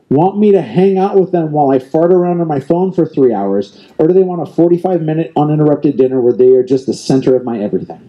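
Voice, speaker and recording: This is a middle-aged man delivering a motivational keynote to a room of real estate agents. He drives each point home with repetition and direct challenges to the crowd. His voice sits a little high, yet its tone is deeply mellow and dark. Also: dull audio. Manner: emphatic, repetitive, coaching the audience directly. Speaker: real estate team leader speaking at an industry event. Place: event stage before a live audience.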